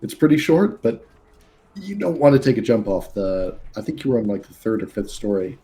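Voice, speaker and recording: A man with a lowish, mellow voice runs a tabletop game from his home mic on a video call. He explains how the rules work in a loose, rambling way. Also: very animated, a little fast. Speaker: game master.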